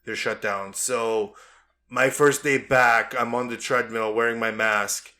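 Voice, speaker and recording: A young man hosting a podcast, chatting casually and telling animated stories with acted-out quarrels. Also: medium pitch, a little slow. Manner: animated storytelling, acts out quarrels. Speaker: podcast host. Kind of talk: casual chat.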